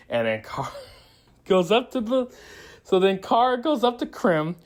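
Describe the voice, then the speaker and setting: A man's voice: sits high, sing-song, unhurried. A man giving a casual spoiler review of a movie, rambling through the plot with frequent restarts and acting out quoted lines. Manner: laughs and acts out quoted lines.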